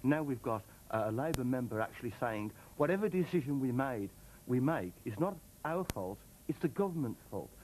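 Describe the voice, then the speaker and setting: A man's voice: medium pitch, animated, moderate pace, a little mellow, a little hiss or hum, low-quality recording. A man speaking as a councillor in a studio debate, emphatic and repetitive in making his point. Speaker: opposition councillor. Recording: TV studio with audience.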